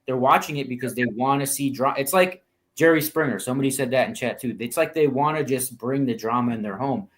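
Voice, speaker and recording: A man's voice: medium pitch, brisk. A man chatting on a stream, speaking emphatically and firmly about his views. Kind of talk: casual stream chat.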